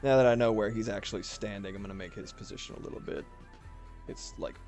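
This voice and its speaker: A man's voice: on the low side, fairly even intonation, fast talker, darkish tone, faint music behind. A man streaming as an artist, chatting casually and rambling while he draws, swearing freely. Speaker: art streamer. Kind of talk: casual livestream chat while drawing.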